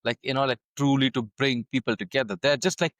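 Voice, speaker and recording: A man's voice: medium pitch, steady tone, quick pace, a bit bright, no echo. Hesitant man hosting, dry sound. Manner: hesitant, searching for words, many fillers. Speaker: podcast host. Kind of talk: conversational interview.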